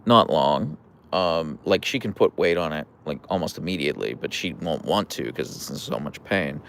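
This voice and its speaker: Creaky-voiced man chatting on a livestream. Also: a bass voice, moderate pace, slight background noise. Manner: relaxed, rambling, with fillers, soft coos to the dogs. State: tired, yawning. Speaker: livestream host with pet huskies. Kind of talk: casual livestream chat, reading viewer comments.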